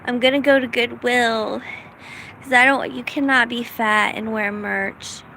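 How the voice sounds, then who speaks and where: Gravelly, chatty middle-aged woman vlogging. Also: a little high, fairly even intonation, measured pace, pushed and bright, slight background noise, rough recording. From United States. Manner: chatty, rambling, self-deprecating, with many fillers. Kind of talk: casual rambling monologue.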